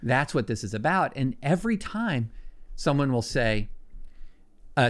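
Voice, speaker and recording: A man's voice: medium pitch, very animated, unhurried. A man speaking as a guest on a podcast, answering in an earnest, emphatic way with firm conviction. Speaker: guest commentator. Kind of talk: podcast conversation.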